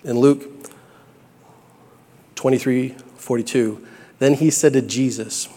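A man's voice: medium pitch, fairly even intonation, measured pace, pauses often, mellow. A young man delivers a sermon in a casual, heartfelt manner, his mid-range voice rising into emphatic peaks on key lines. His words hang in a long church-hall reverb. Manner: earnest, conversational, builds to bursts of emphasis. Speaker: preacher.

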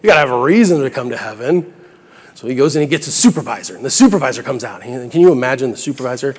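A man's voice: mid-range voice, animated, fast, breathy edge. A young man delivers a sermon in a casual, heartfelt manner, his mid-range voice rising into emphatic peaks on key lines. His words hang in a long church-hall reverb. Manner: earnest, conversational, builds to bursts of emphasis. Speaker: preacher.

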